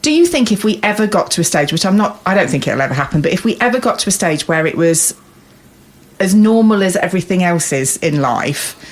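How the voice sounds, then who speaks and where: A woman's voice: fairly low pitch, a little fast. A woman co-hosting a podcast, chatty and giggly, asking questions. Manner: giggly, expressive, lots of yeahs. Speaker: podcast co-host. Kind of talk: casual chat.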